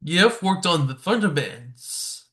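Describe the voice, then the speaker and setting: High, bright-voiced man asking questions. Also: measured pace. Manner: reads short prepared questions flatly. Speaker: podcast host. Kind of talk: interview questions.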